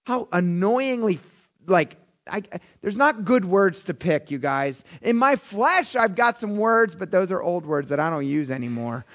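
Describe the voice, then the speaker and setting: A middle-aged man preaching a conversational, animated sermon, often calling the audience "you guys". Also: sits high, a little slow. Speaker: pastor.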